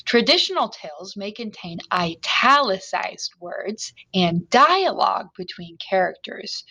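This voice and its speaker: A woman's voice: mid-range voice, big pitch swings, slow pace, hardly any pauses, sharp tone, low-quality recording. A woman teacher explaining a reading lesson to students online, reading text aloud and talking it through with restarts.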